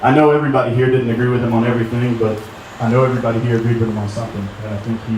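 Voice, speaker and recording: A man giving a halting, informal eulogy at an outdoor memorial, full of pauses and dry jokes. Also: medium pitch, level tone, darkish tone. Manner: hesitant, many "uh" fillers, dry humor. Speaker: memorial speaker. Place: outdoor gazebo. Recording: echoey, distant, noisy.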